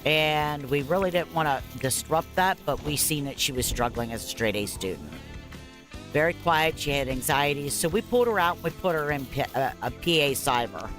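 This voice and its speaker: A woman's voice: deep voice, animated, moderate pace, fairly bright tone, soft background music. A woman in her forties tells a long personal story in a casual, rambling way, full of fillers and asides. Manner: rambling, candid, frequent fillers and 'blah, blah, blah'. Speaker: parent telling her story. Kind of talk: casual spoken story over gameplay.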